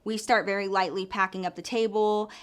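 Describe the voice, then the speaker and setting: A young adult woman, a storyteller vlogger, recounts something from her own life in a casual storytime, chatty and profane and leaning hard on "like." Her voice is medium-pitched and clean in tone, with fairly even intonation and a slightly fast pace.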